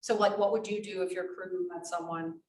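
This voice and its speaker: A woman's voice: lowish voice, steady tone, fairly quick, darkish tone. A woman gives a safety presentation, chatty and often asking the room questions. She sounds set back from the microphone in a reverberant meeting room. A faint hiss runs underneath. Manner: conversational, asks the room questions. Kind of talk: presentation with audience discussion. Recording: echoey room, mic at a distance, faint noise.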